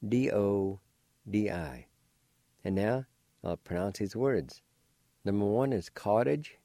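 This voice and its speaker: An older man teaching a language lesson, slowly and patiently spelling out each word in syllables and repeating them. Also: on the low side, dark tone, no echo, studio quality. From Cherokee Nation, Oklahoma.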